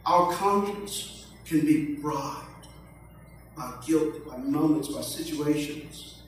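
An older man preaching a sermon, slow and emphatic, with joking asides. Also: on the high side, a little hiss or hum. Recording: echoey hall from far off.

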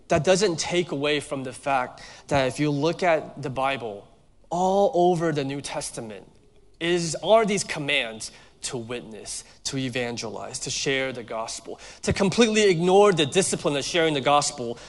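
A man preaching a sermon with a slightly raised pitch and a relaxed, conversational delivery that leans on everyday stories. His voice rings with a long reverb, as if from a church hall. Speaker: pastor.

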